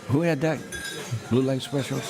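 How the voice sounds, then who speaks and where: A man's voice: medium pitch, moderate pace, gravelly, a crowd in the background. A man co-hosting a radio show, chatting and laughing easily in casual banter. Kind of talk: casual on-air chat.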